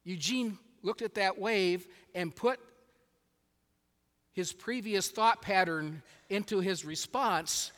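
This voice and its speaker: Brief: expressive preacher mid-sermon in a large hall, high voice, long reverb tail. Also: male voice, slow pace. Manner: animated storytelling with shifting volume. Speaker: pastor.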